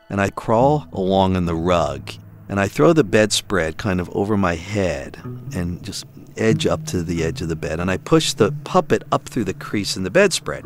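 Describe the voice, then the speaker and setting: A middle-aged man in a storytelling interview, telling his family's story and acting out the voices of the people in it. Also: low voice.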